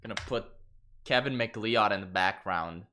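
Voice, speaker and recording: A man's voice: on the low side, measured pace, bright, forceful tone. A man streaming a game in casual, profane commentary, laughing and getting sidetracked. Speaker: gaming streamer.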